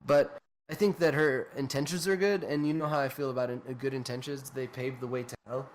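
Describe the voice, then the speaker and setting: Animated, profane podcast co-host man. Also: mid-range voice, a little fast, a little hiss or hum. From New Mexico. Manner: animated, profane, laughs often. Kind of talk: casual chat.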